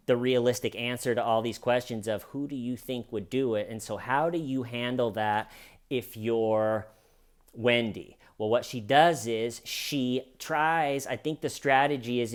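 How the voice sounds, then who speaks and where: Sarcastic man doing true crime commentary. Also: clear, resonant tone. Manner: sarcastic, acts out quotes in a high mocking voice. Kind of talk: casual commentary with mocking impressions.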